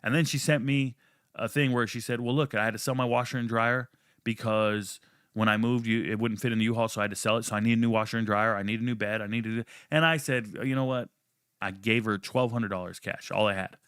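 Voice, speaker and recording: Brief: male storyteller, low voice, dry close sound, animated and profane. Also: quick pace, smooth, no room sound. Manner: animated, profane, acts out quotes with jumps in pitch. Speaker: host telling a personal story. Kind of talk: casual storytelling.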